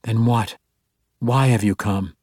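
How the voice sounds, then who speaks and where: A man voicing a calm, firm young pregnant woman in an audiobook, speaking in a measured way. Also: lowish voice, no echo, studio quality.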